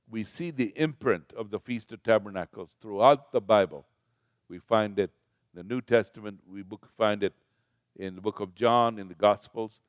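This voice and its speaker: A man's voice: lowish voice, clear, resonant tone, dry recording, studio quality. An older man giving a sermon as a preacher, talking in a conversational way and putting questions to the congregation.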